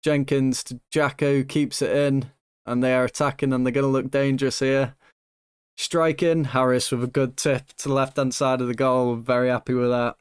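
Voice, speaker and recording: A young man commentating his own football management game, excitable and swinging between nervous hush and loud joy, swearing now and then. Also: medium pitch, moderate pace, smooth, dry recording, clean studio sound. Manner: excitable, swings from hushed nerves to shouting joy. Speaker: gaming YouTuber.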